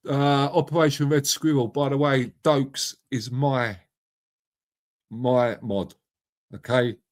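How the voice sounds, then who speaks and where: A middle-aged man hosts a casual live stream, reading the chat and chatting matily with viewers by name while swearing freely. His mid-range voice is steady and slow.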